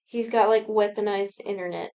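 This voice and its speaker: A young woman co-hosting a podcast, casually retelling a TV plot in an animated, profane way. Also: mid-range voice, moderate pace, smooth, dull audio. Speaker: podcast co-host recapping a show. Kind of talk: casual chat.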